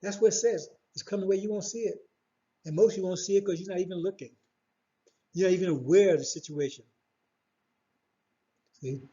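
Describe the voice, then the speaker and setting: High-voiced preacher man, dull recording. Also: fairly quick, long pauses, mellow. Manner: preachy, repetitive, confrontational, rhetorical questions. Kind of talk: sermon.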